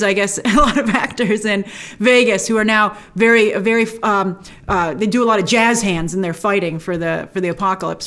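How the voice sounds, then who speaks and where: In casual commentary, a woman hosts a show breaking down trailers. She's chatty and enthusiastic and often jumps into high, excited remarks.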